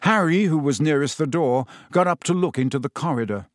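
A man narrating a storybook in a steady, measured storytelling manner. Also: fairly high pitch, dry recording, clean studio sound. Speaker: audiobook narrator.

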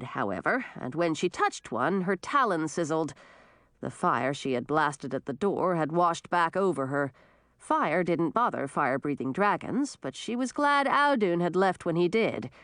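Woman narrator, storybook reading, expressive, lively pitch, mid voice, dry close sound. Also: a little slow, no echo. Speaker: audiobook narrator.

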